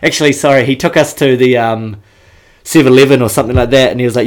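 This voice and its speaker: A man's voice: medium pitch, fairly even intonation, fast. A man in casual podcast chat, laid-back, swearing freely and laughing often as he tells stories.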